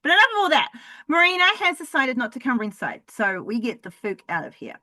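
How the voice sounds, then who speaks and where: A woman hosting a solo wrestling review podcast, excitable and profane, swinging from loud bursts to low mutters, her voice going hoarse. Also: fairly quick, no room sound. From Southern Hemisphere. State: losing her voice. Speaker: podcast host.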